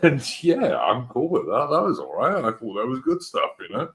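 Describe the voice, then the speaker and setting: A man's voice: medium pitch, wildly swooping pitch, normal speed, fairly bright tone. A man hosting a casual political talk show, rambling and emphatic, with rhetorical questions. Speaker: host.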